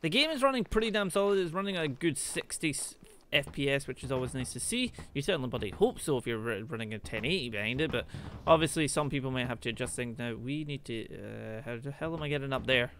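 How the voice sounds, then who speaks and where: A man's voice: mid-range voice, lively intonation, fast, a bit bright, slight background noise. A young man casually commenting on his own gameplay, thinking aloud and exclaiming when things go wrong. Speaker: gaming video host.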